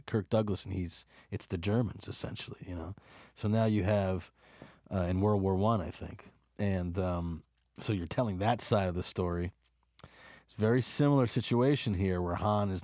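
A man in a casual movie review chat, excitable and profane, rambling from point to point. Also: sits low, dry recording, studio quality.

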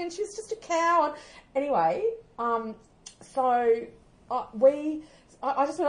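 Animated Australian woman telling stories. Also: high voice, moderate pace. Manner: animated storytelling, often laughing mid-sentence. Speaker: podcast co-host. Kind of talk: casual podcast chat.

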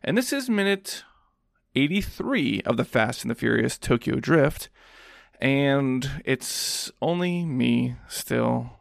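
A man's voice: medium pitch, lively intonation, slow pace, gravelly, dry recording, studio quality. A man hosting a podcast alone, recapping a film scene in a rambling, casual way with lots of fillers. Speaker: podcast host.

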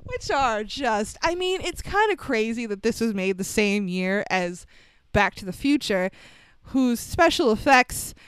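A woman's voice: a little high, expressive, unhurried, fairly bright tone, smooth. A woman casually recapping a movie plot in a wry, chatty way, laughing often. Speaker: podcast co-host.

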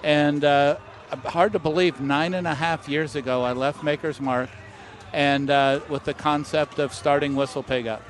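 Animated middle-aged man telling stories. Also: on the high side, moderate pace. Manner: animated anecdote-teller who acts out quoted voices. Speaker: master distiller guest. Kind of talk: casual storytelling interview.

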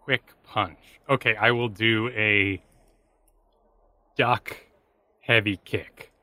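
A man's voice: fairly low pitch, steady tone, slow pace, bright, forceful tone, no echo. A man playing a tabletop game, giving short, matter-of-fact replies. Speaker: player. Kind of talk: tabletop role-play.

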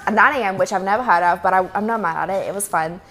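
A woman's voice: mid-range voice, fast talker, fairly bright tone, slight background noise. An Australian woman hosting a podcast, chatting with a guest in a bubbly, upbeat way. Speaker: podcast host. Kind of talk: casual interview chat.

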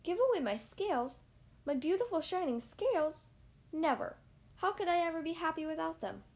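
A woman's voice: very high voice, animated, normal speed, pitched above the performer's own voice. A woman voicing a vain, proud male fish in a children's storybook read-aloud. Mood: indignant.

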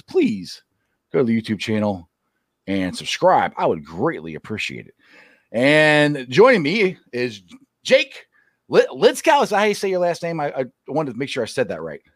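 A man hosting a casual sports talk show, animated and quick to laugh at himself. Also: mid-range voice, no echo, studio quality. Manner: animated, laughs often, self-deprecating.

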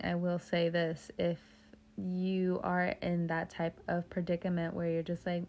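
A young woman with a fairly low, darkish voice speaks at a moderate pace as she gives a casual tarot reading. She jokes around, swears freely, and keeps drifting off on tangents.

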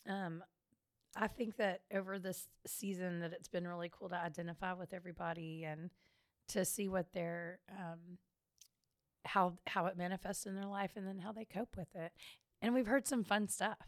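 A woman's voice: on the low side, steady tone, unhurried, no echo, clean studio sound. A woman co-hosting a podcast in casual chat, chatty and playful, laughing often. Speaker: podcast co-host.

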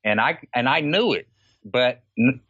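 A man from Oakland, a podcast guest, telling stories in casual chat, animated, laughing often and acting out other people's lines. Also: medium pitch, unhurried, no echo. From Oakland, California. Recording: dry, slightly dull lo-fi podcast audio.

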